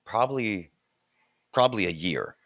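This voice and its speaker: A middle-aged man telling a childhood story in casual conversation, animated and laughing often, restarting his sentences as he goes. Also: lowish voice, moderate pace, no room sound, studio quality.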